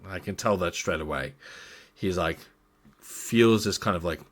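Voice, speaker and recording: A man's voice: low voice, unhurried. A man acting as game master, casually recapping a tabletop campaign in a rambling way with many fillers.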